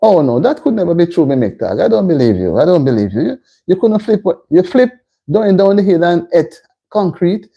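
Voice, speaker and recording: A middle-aged woman, talking viewers through kitchen prep on a live stream. Her voice is soft-edged and mellow, and her pitch rises and dips widely as she chats. She keeps breaking off to greet people in the chat by name. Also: sing-song, fairly quick, creaky, husky, lo-fi sound. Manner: chatty, greeting viewers by name between cooking tips. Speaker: host of a live cooking stream.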